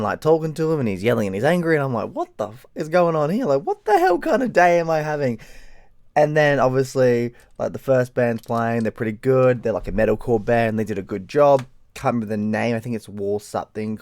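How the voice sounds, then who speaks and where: A man's voice: darkish tone, no room sound. A tired Australian man telling a rambling story in a casual vlog, swearing freely. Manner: rambling, swears freely, mimics people in high voices. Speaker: vlogger.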